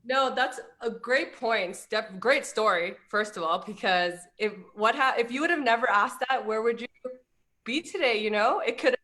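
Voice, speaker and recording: A woman interviewing a guest in a relaxed, encouraging way. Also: on the high side, moderate pace. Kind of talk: casual interview chat.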